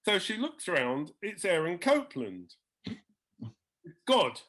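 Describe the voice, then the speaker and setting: A man's voice: sits high, takes it slowly. A man telling musical anecdotes in conversation, acting out the voices of the people in his stories. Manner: animated, acts out quoted voices. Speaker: guest storyteller.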